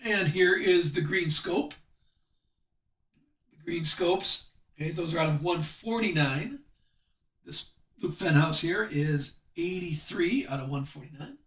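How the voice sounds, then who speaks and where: A man's voice: on the high side, a little slow, long pauses, a bit bright, distant mic. A man hosting a live trading card break stream, chatting upbeat as he opens packs and calls out each card. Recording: echoey room, voice a bit off-mic.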